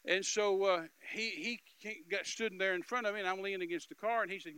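A man giving an animated, emphatic storytelling testimony as a minister, with repetitive phrasing and loud bursts. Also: sits high, a little fast, few pauses, smooth, dry recording, poor audio.

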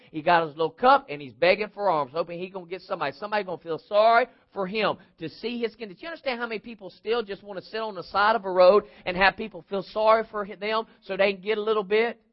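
A man preaching a sermon, acting out the voices of his story, swinging from shouts down to near whispers. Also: high voice. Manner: acts out crowd voices in his telling. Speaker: pastor. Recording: dull lo-fi recording.

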